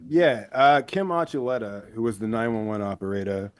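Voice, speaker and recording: A man's voice: fairly low pitch, animated, moderate pace, smooth, no echo. A man co-hosting a true-crime podcast in casual chat, explaining details at length on a close mic. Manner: explains at length, acts out quotes. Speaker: podcast co-host.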